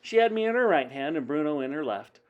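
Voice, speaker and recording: A man reading a children's book aloud in a dramatic, animated way, like a teacher at story time. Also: fairly high pitch, quick pace, phone-quality sound.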